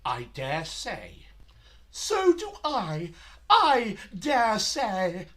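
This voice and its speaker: A man's voice: wildly swooping pitch, very slow, a bit bright, exaggerated voice. A man doing a petulant, self-pitying poet. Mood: sulky. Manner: theatrical, petulant, high sung lines. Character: vain, sulky male poet, comic and self-pitying. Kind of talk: comic operetta, sung and spoken. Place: his room at home.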